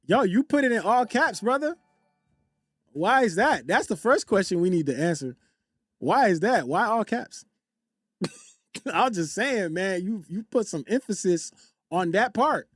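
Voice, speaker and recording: A man hosting a casual livestream, reading chat aloud in loose slangy banter, repeating phrases and giving frequent shout-outs on a desktop condenser mic. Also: sits high, lively intonation, measured pace, pauses often, dry recording, clean studio sound. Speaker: livestream host. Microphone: desktop USB condenser mic.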